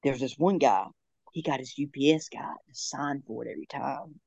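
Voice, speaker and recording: A young man co-hosting a casual chat, rambling with halting restarts and frequent laughs. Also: medium pitch, vocal fry, darkish tone, breathy edge, dry recording.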